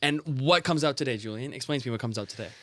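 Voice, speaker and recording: A man's voice: mid-range voice, rapid-fire, bright, forceful tone, dry recording, studio quality. A young man in his twenties co-hosting a football podcast, talking emphatically and ranting to prove his point. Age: 20s. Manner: emphatic, ranting, self-vindicating. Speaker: podcast co-host. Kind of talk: casual football podcast chat.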